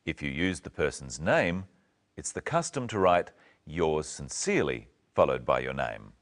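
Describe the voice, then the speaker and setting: A man presenting an English lesson, speaking slowly and clearly and carefully modelling each phrase for learners. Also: rumbling low, sing-song. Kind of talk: slow, clear teaching narration.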